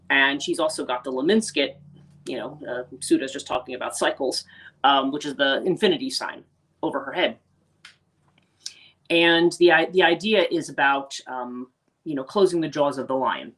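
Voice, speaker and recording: A woman's voice: rumbling low, a bit bright. A woman life coach hosting a casual livestream about tarot, rambling with many restarts and reading out viewer comments.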